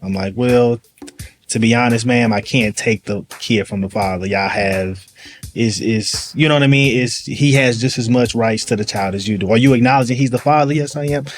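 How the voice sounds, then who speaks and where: A man's voice: mid-range voice, moderate pace, a little hiss or hum. Slangy St. man telling stories. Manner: animated storyteller, acts out voices, slangy. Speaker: police sergeant guest. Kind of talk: casual storytelling conversation. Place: live event venue.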